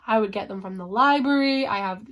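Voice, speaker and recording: A woman's voice: mid-range voice, fairly quick, a bit bright. Chatty, rambling woman book vlogger. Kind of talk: casual chat to camera.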